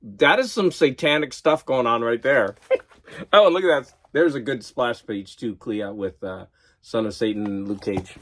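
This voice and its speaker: A man chatting casually in a vlog, excited and laughing at himself as he geeks out over comics. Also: mid-range voice, normal speed. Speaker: vlogger. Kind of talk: casual chat.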